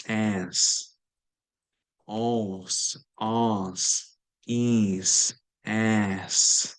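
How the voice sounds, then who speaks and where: A man giving a language pronunciation lesson, patiently modeling sounds and repeating them for learners to copy. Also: lowish voice. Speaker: language teacher.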